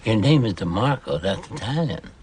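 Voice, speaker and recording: An actor playing a calm older psychiatrist who asks slow, deliberate questions. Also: male voice, on the low side, slightly rough, heavily acted. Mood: probing.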